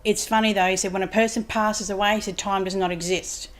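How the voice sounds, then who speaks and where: A woman speaks at a middling pitch in a lounge room at home. She tells her story in a loose, rambling way and keeps quoting what others told her, like a guest chatting casually on an interview show. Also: level tone, fast. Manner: rambling, retells conversations with "he said" quotes. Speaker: psychic medium guest.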